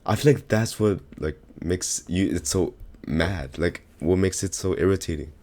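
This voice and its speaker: Teen boy, deep low voice, laid-back casual chat, trails off. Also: moderate pace, a little mellow. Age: teens.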